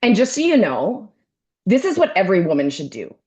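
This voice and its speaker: A woman co-hosting a podcast, telling a story with energy and acting out the other people's voices, with some throat-clearing. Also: medium pitch, wildly swooping pitch, brisk, a little mellow. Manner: acts out voices in her anecdotes, keeps clearing her throat. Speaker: podcast co-host. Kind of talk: animated storytelling chat.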